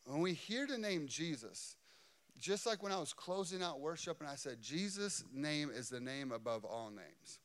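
A man preaching a sermon as pastor, impassioned and building to loud, high emphasis on key phrases. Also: animated, normal speed. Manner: impassioned, rising in pitch and volume for emphasis.

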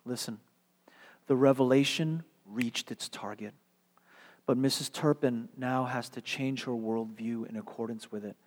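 A man's voice: mid-range voice, steady tone, normal speed. A male pastor delivering a sermon with dramatic, earnest storytelling. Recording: long hall reverb.

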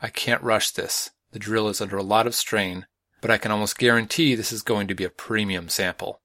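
A man's voice: on the low side, steady tone, a little fast, bright, forceful tone, no room sound, studio quality. A man reading an audiobook, voicing a nervous, stubborn male rover technician who pleads in a strained way. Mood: tense, strained. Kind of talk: audiobook character voice.

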